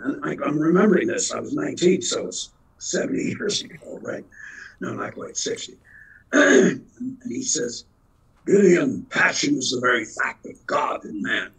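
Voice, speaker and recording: A Philadelphia-area veteran actor in his eighties wanders from story to story as a guest in a relaxed interview. The voice is medium-pitched, a bit bright, gravelly and very raspy, and the recording is low quality.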